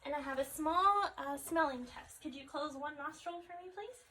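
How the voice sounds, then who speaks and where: A woman conducting a step-by-step health assessment, calmly asking questions and repeating the answers back. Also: high voice, moderate pace. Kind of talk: clinical health assessment demonstration. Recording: distant mic with faint background noise.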